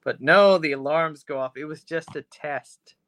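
A man's voice: a little high, moderate pace, a bit bright, dry recording. A man co-hosting a casual podcast, retelling a horror episode in a rambling, crude way. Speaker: podcast co-host.

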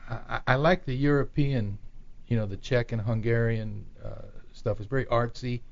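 A man's voice: mid-range voice, fairly even intonation, moderate pace, vocal fry. A man co-hosting a talk radio show, rambling and restarting his sentences as he chats. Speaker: show co-host. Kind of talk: casual talk radio banter. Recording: dull lo-fi radio sound.

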